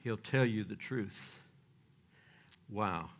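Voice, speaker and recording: A man's voice: fairly low pitch, extremely slow. An older man preaching a sermon in a folksy, joking way, with loose restarts and chuckles.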